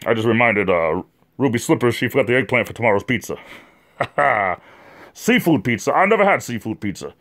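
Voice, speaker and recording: A man's voice: medium pitch, sing-song, fairly quick, fairly bright tone. A man from New England hosting a casual livestream, rambling and chatty, with many fillers and repeated words, talking to viewers in the chat by name. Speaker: livestream host.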